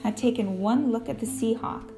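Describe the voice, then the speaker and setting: Female audiobook narrator, first-person storytelling, slight fry, faint guitar. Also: on the high side, moderate pace, warm tone. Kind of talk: scripted narration.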